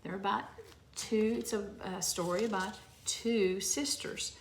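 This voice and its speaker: Slow, patient teacher in an echoey room. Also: female voice, mid-range voice, fairly even intonation, slight background noise. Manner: slow, patient, sounds out letters. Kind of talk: remote phonics lesson for young children.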